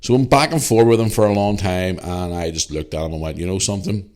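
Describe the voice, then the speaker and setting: A man with a Northern Irish accent tells a story on his podcast, blunt and full of swearing. His voice is very deep and low. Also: lively intonation, brisk, a little mellow. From Northern Ireland. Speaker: podcast host. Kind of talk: casual storytelling.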